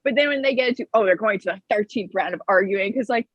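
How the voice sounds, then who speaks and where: A woman co-hosting a casual sports podcast, talking bluntly and swearing freely as she laughs her way through a rant. Her voice has a slightly husky edge. It comes through a dull, dry, lo-fi mic. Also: medium pitch, fast talker, no room sound. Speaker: podcast co-host.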